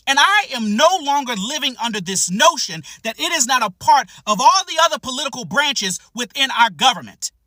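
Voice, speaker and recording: A woman delivering political commentary in a high, bright and very animated voice. She is emphatic and indignant and drags out the words she wants to stress. The sound is dry and close. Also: fairly quick, few pauses, no echo. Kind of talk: direct-to-camera commentary.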